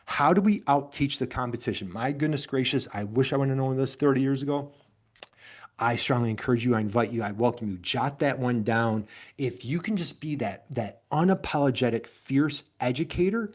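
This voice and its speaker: A man's voice: medium pitch, brisk. Upbeat man with an upstate New York accent. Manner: enthusiastic, motivational, asks the audience questions. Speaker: webinar presenter. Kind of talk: energetic business webinar.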